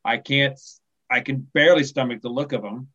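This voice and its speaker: A man in his forties, a podcast guest, speaking softly in casual chat and trailing off at the ends of phrases. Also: mid-range voice, steady tone, fairly quick, dull audio. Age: 40s.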